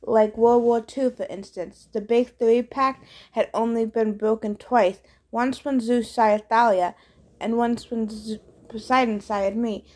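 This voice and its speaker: Woman reading a story aloud, a bit high. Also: fairly even intonation, measured pace, a little mellow. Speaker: audiobook reader. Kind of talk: first-person storybook narration.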